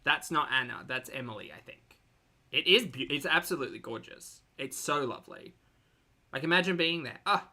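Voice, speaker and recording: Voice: medium pitch, expressive, moderate pace, pushed and bright, slight background noise. A reaction commentator making sarcastic, teasing asides about a vlog.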